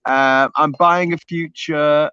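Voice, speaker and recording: A man with a Liverpool accent hosting a casual live stream, chatting and reading out viewer comments with jokey excitement. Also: fairly high pitch, takes it slowly, clear, resonant tone, dull audio. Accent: Liverpool (Scouse). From Liverpool, England. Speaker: livestream host.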